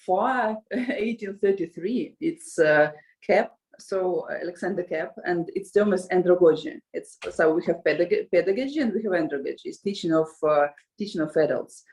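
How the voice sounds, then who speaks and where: A woman with a Russian accent speaks in a somewhat low voice. She answers interview questions casually as a language school co-founder. She often hesitates, restarts and fills pauses with "uh". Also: darkish tone, poor audio. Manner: hesitant, many fillers and restarts.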